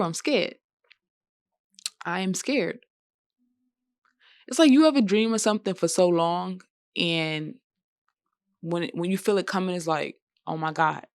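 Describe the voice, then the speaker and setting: Speaking straight to camera in her personal vlog, a weary woman sounds emotional and earnest, sometimes pleading. Her pitch is fairly low, and the recording is studio quality with no echo.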